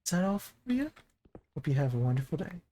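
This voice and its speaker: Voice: mid-range voice, very animated, fast, warm tone, lightly acted. A streamer voicing a cheery customer service worker at a till, with polite, chirpy patter.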